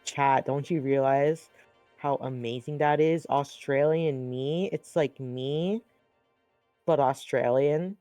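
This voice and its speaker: A man's voice: mid-range voice, steady tone, slow, warm tone, no room sound. A man co-commentating an esports stream, rambling and joking, over background music. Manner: rambling, jokey, riffing.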